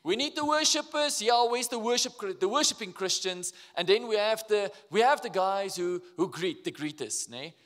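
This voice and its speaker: A man with an Afrikaans South African accent preaching in a church, his voice sitting high and swinging widely in pitch. The sound rings with long reverb from a large hall. He tells stories with lively energy and slips into quieter asides. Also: moderate pace, few pauses. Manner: animated, storytelling, drops to quiet asides. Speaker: pastor. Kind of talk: sermon. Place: church auditorium.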